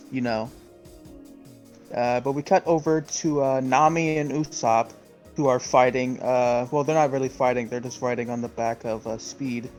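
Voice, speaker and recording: A man's voice: mid-range voice, a little mellow, rough recording. A man co-hosting a podcast, chatting casually as he recaps a comic chapter, rambling with many fillers. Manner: laughs often. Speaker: podcast co-host.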